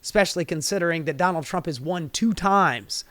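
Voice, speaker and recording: A man hosting a solo political commentary rant, cursing freely and dripping with sarcasm. His voice sits high for a man and sounds dry and close, with no room around it. He talks heated and blunt, straight at the listener. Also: a little fast, fairly bright tone, no room sound.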